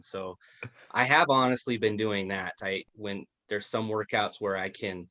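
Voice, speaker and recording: A man's voice: lowish voice, fairly even intonation, a little slow, sharp tone. A man talking as a podcast guest, telling his stories in an easygoing, self-deprecating way. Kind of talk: casual chat.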